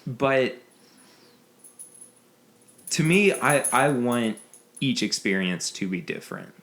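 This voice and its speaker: A man's voice: medium pitch, expressive, takes it slowly, a bit bright. A man hosting a casual bourbon podcast, talking loosely and laughing often. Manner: rambling, laughs often, restarts. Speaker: podcast host. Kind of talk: casual chat.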